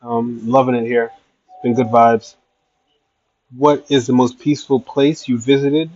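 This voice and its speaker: A man talking casually to his livestream audience and answering their questions with playful asides. His voice sits at a middle pitch and sounds dry and close. The recording is slightly dull and lo-fi. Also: level tone, unhurried, darkish tone, no room sound. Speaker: travel livestreamer. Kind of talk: casual livestream chat reading comments. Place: traveling in Iraq.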